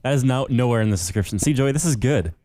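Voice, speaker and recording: A man's voice: medium pitch, expressive, fast, mellow, dry recording, studio quality. A man co-hosting a podcast, chatting casually and narrating a children's story in a sinister movie-trailer style. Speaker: podcast co-host.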